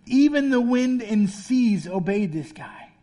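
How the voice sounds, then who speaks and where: A man's voice: very high voice, lively intonation, unhurried, warm tone. A man as a pastor preaching a sermon in a casual, playful storytelling way.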